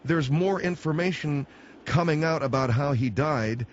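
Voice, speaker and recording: A man's voice: on the high side, measured pace, slight background noise. Sarcastic male talk radio host. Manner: sarcastic, animated storytelling. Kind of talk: talk radio monologue and call-in. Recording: dull, dry studio broadcast.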